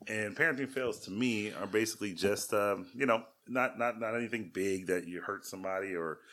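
A man's voice: fairly low pitch, brisk, fairly bright tone. A man in his thirties, a podcast co-host, telling self-deprecating stories in a rambling casual way with lots of restarts. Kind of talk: casual storytelling chat.

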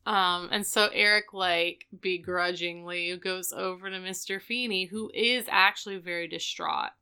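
A woman's voice: lowish voice, fairly even intonation, a little slow, bright, forceful tone, smooth. A woman co-hosting a podcast, casually recapping a TV episode in a chatty way with many filler words. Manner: chatty, lots of "like" fillers, acts out characters' lines. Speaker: podcast co-host.

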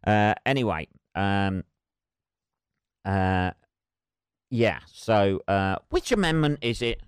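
Sweary man, low smooth voice. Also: animated, slow pace, no room sound, studio quality. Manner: rambling, sweary, wry. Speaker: podcast host. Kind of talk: solo podcast monologue. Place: at home, sipping tea.

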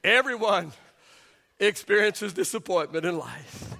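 A middle-aged male pastor preaching a sermon, repeating his words and building to shouts on key lines. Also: sits high, lively intonation, unhurried, creaky.

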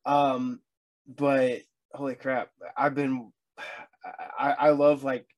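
A man's voice: mid-range voice, little pitch movement, slow pace, a little mellow. A middle-aged man hosting a casual chat, stammering and restarting as he tells stories and acts out what people said. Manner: chatty storyteller, stammers and restarts, acts out quoted voices. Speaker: host.

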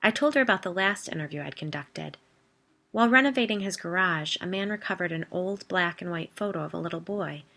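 A woman narrating a first-person storybook in a steady, expressive read. Her voice is slightly low, with a forceful, bright edge. The delivery is scripted and even throughout. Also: fairly quick, vocal fry. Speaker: audiobook narrator.

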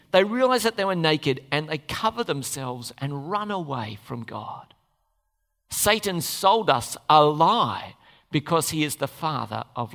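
A preacher delivering a sermon in an expressive way, acting out the characters of the scripture story. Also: mid-range voice. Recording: long reverb of a large hall.

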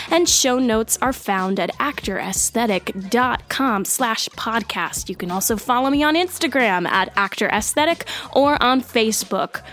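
A woman's voice: on the high side, a bit bright. A young woman hosting her podcast in a chatty, slangy way, her voice nasal from a cold and a little tired. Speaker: podcast host. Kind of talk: casual podcast monologue.

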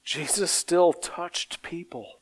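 A male preacher delivering a sermon at an unhurried pace. His voice sits a little high for a man. He speaks earnestly and often repeats a word before going on. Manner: slow, earnest, with frequent repeated words.

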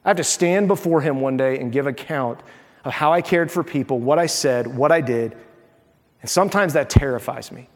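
A man preaching a sermon as a pastor, animated and acting out the voices of people he quotes. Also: medium pitch, normal speed. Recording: long hall reverb.

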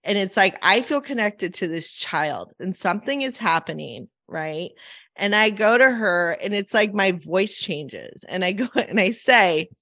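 A woman with a mid-range, fairly bright voice hosts a podcast, telling a long anecdote in a lively but slightly slow, rambling way. She sprinkles in lots of "like" and "right?" and acts out the voices of people she quotes. The studio recording is clean, with no room sound.

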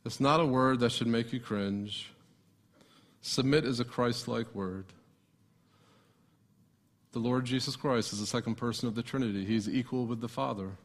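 A man preaching a sermon as a pastor, asking the congregation rhetorical questions. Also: mid-range voice.

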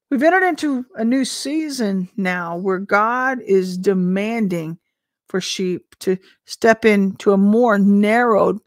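A woman teacher and minister giving informal prophetic teaching in a conversational way, full of rhetorical questions and an occasional throat clearing. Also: medium pitch, dry recording, clean studio sound.

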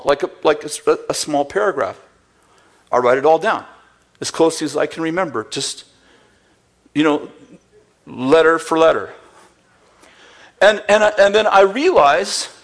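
A man preaching a sermon, telling a story with acted-out dialogue and bursts of laughter. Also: sits high. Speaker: pastor.

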